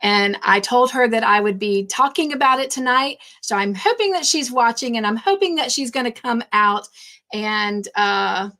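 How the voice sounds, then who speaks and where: A woman's voice: a little high, lively intonation, normal speed, bright, forceful tone. A woman hosting a craft livestream, chatting casually and rambling, repeating herself when nervous. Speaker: craft channel host.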